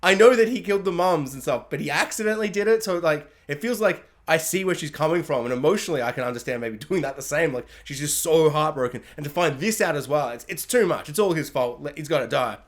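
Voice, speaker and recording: Excitable man with a lively high voice. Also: fast talker, few pauses. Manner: excitable, jumps into silly voices when quoting. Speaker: reviewer. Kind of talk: casual spoiler review.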